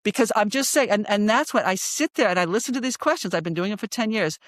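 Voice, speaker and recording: A woman in her sixties, a psychologist guest in an interview, telling stories in an animated, emphatic way and often checking in with "right?". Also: medium pitch, fast, dry recording, studio quality. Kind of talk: storytelling in a conversational interview.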